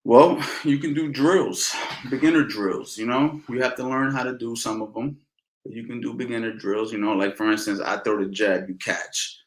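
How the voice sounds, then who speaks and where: A man coaching boxing in a casual question-and-answer session, talking in a relaxed way and often adding "you know" and "man". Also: mid-range voice, moderate pace, reverberant, poor audio. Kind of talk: casual Q&A instruction.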